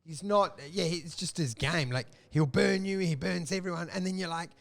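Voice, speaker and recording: A man's voice: high voice, normal speed, vocal fry. A man, co-hosting a podcast in rambling, sweary casual chat. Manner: rambling, sweary, lots of filler words and laughs.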